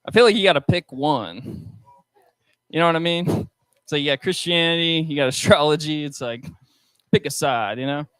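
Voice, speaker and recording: A young man doing a stand-up set with crowd work on a restaurant stage, talking haltingly with many ums and likes into a handheld mic. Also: on the high side, fairly bright tone, smooth, no room sound. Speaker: stand-up comedian.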